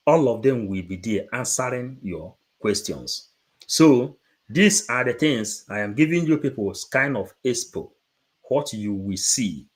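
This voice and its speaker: A man, giving an unscripted livestream talk, halting and repeating words, then rising into emphatic bursts. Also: medium pitch. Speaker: livestream presenter.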